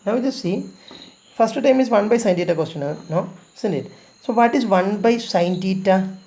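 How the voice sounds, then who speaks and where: A man's voice: high-pitched, moderate pace, mellow. A man teaching a recorded math lesson, explaining patiently step by step, repeating himself and pleading with students to practise.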